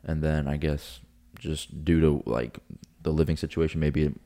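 A man's voice: a bass voice, flat delivery, moderate pace, vocal fry, warm tone. A young man in his twenties from Florida, co-hosting a podcast and telling a story in casual chat, acting out quotes with swearing and laughter. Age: 20s. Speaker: podcast co-host.

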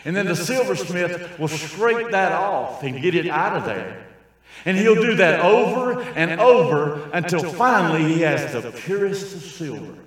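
An older man preaching a sermon in a raw, folksy style, swinging between quiet asides and shouting. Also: sits high, lively intonation, unhurried. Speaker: traveling preacher. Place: large church hall. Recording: very echoey church sanctuary, distant mic.

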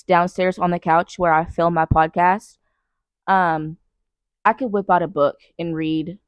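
A woman's voice: lowish voice, no room sound, clean studio sound. Blunt, profane young woman podcaster. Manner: blunt, profane, rambling and self-mocking. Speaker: podcast host. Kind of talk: casual solo podcast chat. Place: living room couch at night.

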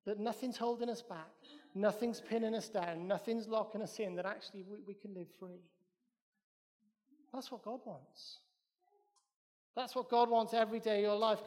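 A man's voice: high-pitched, in a large hall. A Welsh man preaching a sermon in a church, emphatic and repeating his phrases in threes.

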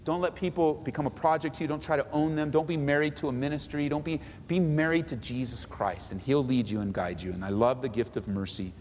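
A man, a pastor, preaching an animated, emphatic sermon in a church hall. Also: fairly high pitch, a little fast, hardly any pauses. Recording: echoey hall, faint noise.

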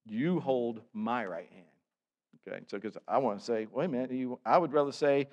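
A man's voice: mid-range voice, moderate pace, darkish tone. Man preaching a conversational sermon. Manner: conversational preaching, reading scripture aloud with rising emphasis. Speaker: pastor.

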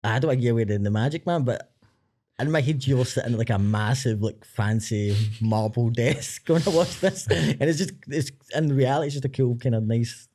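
A Scottish man, a podcast guest, chatting in an excitable, rambling way. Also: mid-range voice. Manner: excitable, rambling, quick to laugh along. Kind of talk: casual chat.

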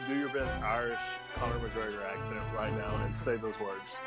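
A man's voice: on the low side, steady tone, normal speed, over loud music. A man co-hosting a podcast, joking and teasing in casual banter. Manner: teasing, playful. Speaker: podcast co-host.

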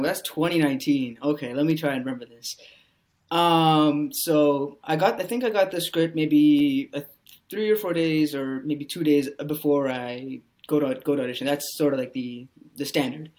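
A man's voice: on the high side, normal speed. Man guest rambling with many fillers. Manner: rambling, heavy use of "you know" fillers. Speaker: actor guest. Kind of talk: casual podcast interview.

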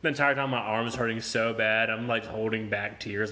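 A man's voice: fairly low pitch, fairly even intonation, brisk, sharp tone. A young man casually telling a story in a podcast chat, swearing a lot, laughing and acting out quotes. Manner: profane, laughing, acts out quotes.

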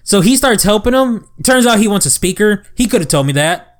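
A young man casually telling a story in an animated, profane way. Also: high-pitched, fairly quick. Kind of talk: casual chat.

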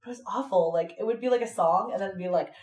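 A woman's voice: medium pitch, fast talker, distant mic. A young woman co-hosting a podcast, chatting casually and animatedly, swearing now and then. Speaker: podcast co-host. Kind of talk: casual chat. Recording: roomy echo from off-mic, crowd behind.

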